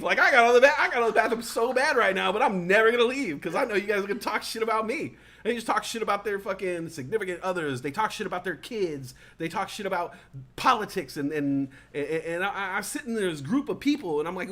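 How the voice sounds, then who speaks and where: A man's voice: sits high, expressive, fast, pushed and bright. A man in his thirties telling a rambling, profane story in casual chat, acting out voices from a party. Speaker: talk show host.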